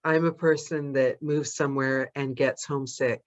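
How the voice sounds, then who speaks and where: A woman's voice: rumbling low, steady tone, normal speed, dry recording, muffled recording. A woman from Los Angeles hosting a casual chat, bubbly and flirtatious, laughing often. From Los Angeles, United States. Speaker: podcast host.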